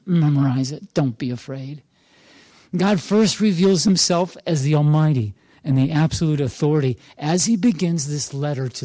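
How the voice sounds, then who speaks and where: Male pastor, earnest encouraging sermon, emphatic repetitions, slightly high voice, dry close sound. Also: darkish tone, no echo.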